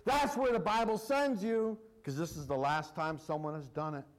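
A man's voice: high voice, steady tone, normal speed, few pauses, poor audio. A male pastor preaching a sermon, reading scripture aloud and repeating his points with emphasis.

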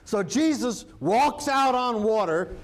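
A man with a high voice preaches at a slow, deliberate pace. He works jokes and stories into the sermon and leans on key words for emphasis. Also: animated. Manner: humorous, joke-telling preacher. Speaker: pastor.

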